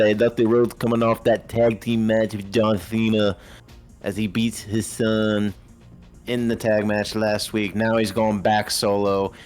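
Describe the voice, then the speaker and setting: A man casually recapping a wrestling game storyline with playful jokes. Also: medium pitch. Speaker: game player.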